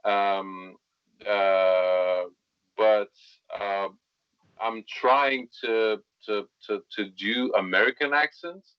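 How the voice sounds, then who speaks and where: A low-voiced man talks as a guest, rambling and leaning on fillers and "right?" tags. English is not his first language. The sound is dry and a little dull. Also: steady tone, extremely slow, smooth, no echo. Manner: rambling, many fillers and tag questions. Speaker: actor, podcast guest. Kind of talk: casual interview chat.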